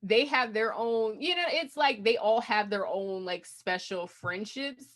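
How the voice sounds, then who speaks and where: A woman's voice: fairly high pitch, a little slow, a bit bright. A woman co-hosting a casual podcast chat, talking loosely with lots of "like" fillers. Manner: chatty, many fillers like "like". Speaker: podcast co-host.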